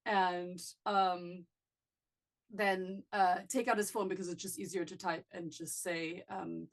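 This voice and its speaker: A woman's voice: on the low side, flat delivery, slow pace, gravelly. A woman player in a tabletop game, hesitantly describing what her character does, with many fillers. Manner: soft, hesitant narration with many fillers, laughing often.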